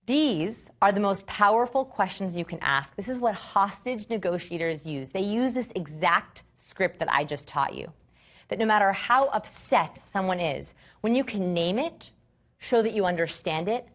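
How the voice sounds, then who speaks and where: A woman presenter teaching a live seminar from a stage, instructive and repeating key phrases. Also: mid-range voice. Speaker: workshop presenter. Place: stage before an audience.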